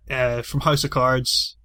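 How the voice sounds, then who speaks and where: A man's voice: medium pitch, bright, forceful tone, clean tone, no echo. A young Irish man from Monaghan co-hosting a podcast, rambling in a casual chat and dropping "like" into nearly every phrase. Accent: Northern Irish, County Monaghan. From Ireland. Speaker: podcast co-host.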